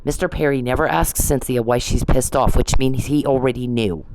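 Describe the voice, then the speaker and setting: A woman's voice: extremely low pitch, moderate pace, noisy background. A woman ranting angrily straight at the camera, scolding and swearing, stumbling over her words when heated. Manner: furious, profane, scolding; repeats and restarts when heated. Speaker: vlogger. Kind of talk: angry direct-address rant.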